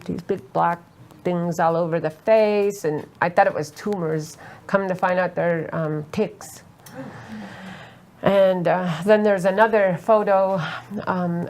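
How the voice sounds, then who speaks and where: A woman from Alaska speaking earnestly on a festival panel, halting with many fillers and close to tears. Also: lowish voice. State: emotional, near tears. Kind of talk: panel talk, personal testimony. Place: festival roundtable.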